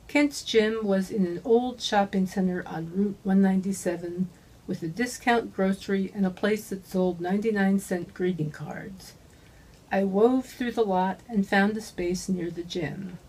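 A woman's voice: medium pitch, darkish tone, a little hiss or hum, rough recording. Woman reading a hardboiled mystery. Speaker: author reading her own novel. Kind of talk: scripted first-person narration.

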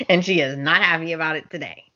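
Bright-voiced woman podcaster, lo-fi. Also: sits low, normal speed. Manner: animated, acts out characters' lines. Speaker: podcast co-host. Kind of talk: casual chat recapping a soap opera. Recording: slightly dull lo-fi podcast audio.

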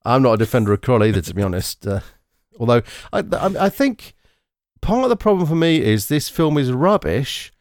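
Male podcast host, mid pitch, animated, rambling and blunt, dry close sound. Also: a little fast, dry recording. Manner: rambling, self-correcting, blunt opinions. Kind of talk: casual movie review chat.

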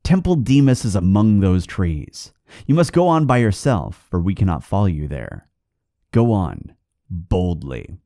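A man's voice: sits low, sing-song, measured pace, mellow, no room sound, studio quality, heavily acted. A man voicing a small gray male fairy leader who gives orders and threats in a told folk tale. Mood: commanding.

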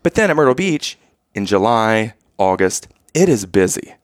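A man in his thirties, co-hosting a casual chat and retelling a family vacation story with animated, exaggerated quotes. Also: on the low side, moderate pace, no room sound, clean studio sound. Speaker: podcast co-host telling a family story.

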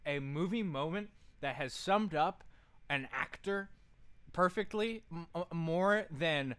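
A man's voice: fairly high pitch, takes it slowly, fairly bright tone, clean tone. A man co-hosting a comedy podcast, reacting with shocked exclamations and jokes. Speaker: podcast co-host. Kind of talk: comedic chat.

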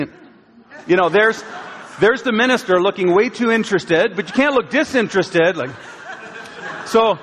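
A man preaching a sermon as pastor, conversational, swinging from loud acted quotes to hushed lines. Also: sits high. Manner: conversational, dramatic shifts between loud and hushed. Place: church auditorium. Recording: long reverb of a church hall.

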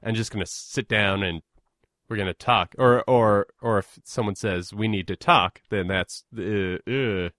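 A man co-hosting a casual chat, musing aloud in a halting way and often restarting his words. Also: fairly low pitch, a bit bright, no echo, studio quality.

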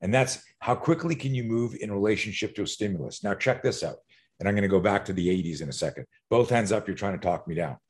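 On a podcast, a middle-aged self-defense instructor acts out fight scenarios with lively, foul-mouthed energy, talking fast in a voice on the low side.

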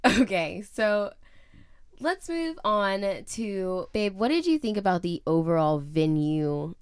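A woman's voice: mid-range voice, very animated, slow, clear, resonant tone, no room sound, studio quality. A young woman co-hosting a podcast in casual chat, swearing freely and padding her talk with fillers. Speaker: podcast co-host.

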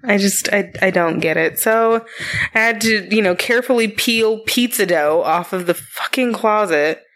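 A woman in her thirties co-hosting a family podcast, telling stories in a casual, animated way and swearing freely. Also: medium pitch, normal speed. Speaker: podcast co-host. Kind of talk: casual chat.

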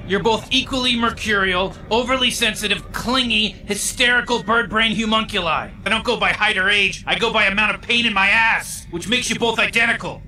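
Field: Rick, a sneering old scientist. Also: male voice, high voice, bright, forceful tone, poor audio. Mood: ranting. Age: older. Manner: sneering, insulting, fast rants. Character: cranky, foul-mouthed old male scientist genius.

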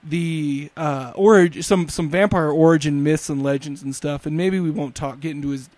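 A man's voice: fairly high pitch, moderate pace, a little mellow, no echo. A married man hosting a podcast, rambling and self-deprecating in casual chat. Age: adult, married. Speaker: podcast host.

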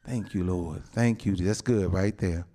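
A man's voice: low-pitched, measured pace, dark tone. A male pastor preaching a sermon to his congregation, peppering his talk with amens and calling out to the saints. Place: church building with a congregation.

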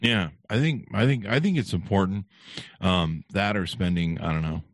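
A man in his fifties hosts a podcast interview with a very low, deep voice. He talks casually, stalls and repeats words while he gathers his thoughts. The sound is dry and close, with no room echo. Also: normal speed. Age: 50s. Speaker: podcast host.

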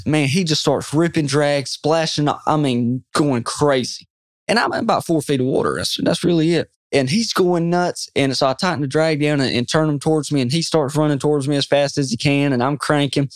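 A man, a guest telling an excited fishing story in an interview, quoting himself often. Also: a little high, no room sound, clean studio sound. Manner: excited, animated storyteller who quotes himself a lot. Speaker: guest angler.

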